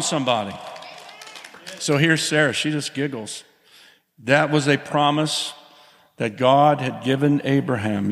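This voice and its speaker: A man preaching a sermon in a church, animated, calling out to the congregation as he tells a story. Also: mid-range voice, unhurried, vocal fry, long pauses. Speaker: pastor. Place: church sanctuary. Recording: long hall reverb.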